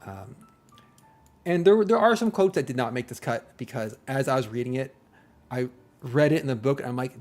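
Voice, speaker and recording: A man's voice: mid-range voice, expressive, normal speed, darkish tone. A man chatting casually on a live stream, rambling and self-deprecating with joking asides, and faint music playing behind him. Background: faint background music.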